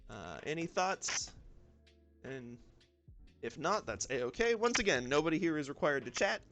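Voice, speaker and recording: Over faint lo-fi music, a man from the southern United States with a light Southern accent chats casually on a live stream while he draws. His voice is on the high side and his pace measured; relaxed and rambling, he talks to himself with lots of ums and y'alls.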